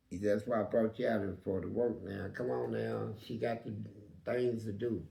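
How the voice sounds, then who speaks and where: A man casually telling a story, acting out the voices in it, swinging between loud shouts and low murmurs. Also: moderate pace, creaky, hardly any pauses, echoey room. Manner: animated, acts out quoted voices, swings loud and quiet.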